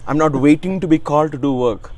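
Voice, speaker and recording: A man's voice: fairly high pitch, fast talker. Earnest man telling a devotional story. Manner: earnest, reverent, quotes his teacher with lively emphasis. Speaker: interview guest. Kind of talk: conversational storytelling.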